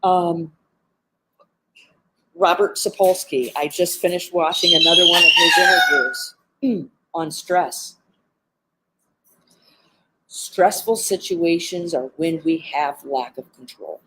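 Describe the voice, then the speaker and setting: A woman's voice: on the low side, huge pitch swings, takes it slowly, long pauses, bright, forceful tone, husky, rough recording. A woman animal behavior trainer giving earnest, heartfelt advice in a live-streamed talk, with frequent "um" fillers. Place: animal center, sitting among birds.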